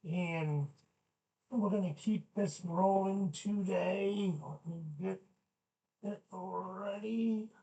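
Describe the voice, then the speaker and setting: A man's voice: sits high, fairly even intonation, slow pace, dark tone. A man hosting a children's learning show, leading songs and jokes and bantering playfully with his puppets. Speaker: children's show host and teacher.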